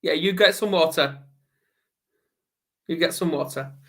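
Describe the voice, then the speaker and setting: A man's voice: a little high, measured pace, fairly bright tone. A man hosting a casual talk show, rambling and correcting himself in good humor. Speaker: podcast host. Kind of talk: casual show intro and chat.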